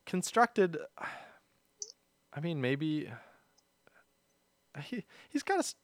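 A man's voice: fairly high pitch, sing-song, slow pace, dry recording. A man hosting a podcast in upbeat, chatty casual talk, laughing easily. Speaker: podcast host. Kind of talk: casual chat.

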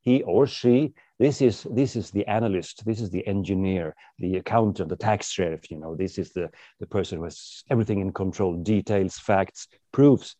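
Man lively author acting out types. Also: on the low side, fairly quick, no echo. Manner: animated, playfully acts out personality types. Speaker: author and speaker, podcast guest. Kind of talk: interview conversation.

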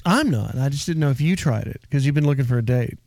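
A man's voice: mid-range voice, animated, quick pace, gravelly, a little mellow, no room sound, clean studio sound. A man hosting a radio talk show, teasing his co-hosts in casual chat. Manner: teasing, ribbing.

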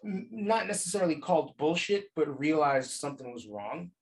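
A man's voice: fairly high pitch, sing-song, normal speed, low-quality recording. A man hosting a podcast, asking questions in a thoughtful, hedging way with restarts and casual swearing. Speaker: podcast host. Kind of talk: casual interview chat.

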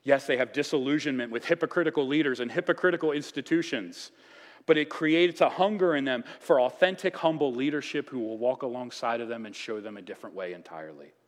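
A man preaching a sermon, telling the story in a lively, casual way and acting out voices. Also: medium pitch, quick pace. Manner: animated storytelling, acts out voices with casual asides. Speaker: pastor. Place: church sanctuary. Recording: long reverb of a church hall.

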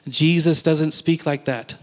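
In a church sanctuary, a pastor preaches in an unhurried, steady voice that sits a little high. His sermon is conversational, full of questions to the congregation, and the sound lingers in the long reverb of the hall.

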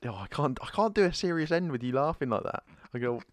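A man co-hosting a casual podcast, bantering and teasing in relaxed chat. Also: on the high side, fast talker, no echo, clean studio sound. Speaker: podcast co-host. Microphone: headphones and podcast mic.

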